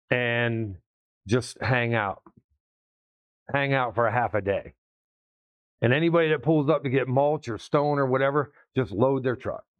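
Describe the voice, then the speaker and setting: A man preaching in a casual, storytelling way, acting out what people said. His voice sits at a middling pitch. The recording is dull and lo-fi, with little room sound. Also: no room sound. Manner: storytelling, conversational, acts out quotes. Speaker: pastor. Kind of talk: sermon story.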